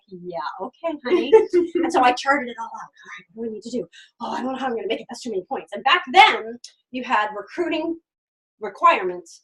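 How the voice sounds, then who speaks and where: A middle-aged woman with a high voice tells her personal story with lively energy. She acts out the voices of the people she met and laughs often along the way. She sounds a little distant from the microphone. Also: fast talker. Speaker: direct sales consultant telling her story.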